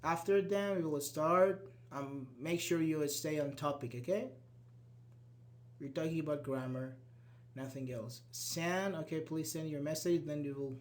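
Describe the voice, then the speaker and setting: A man who grew up speaking Persian teaches English grammar in a live online class, taking students through each step and checking on them as he goes. His voice is slightly high and his pace is measured.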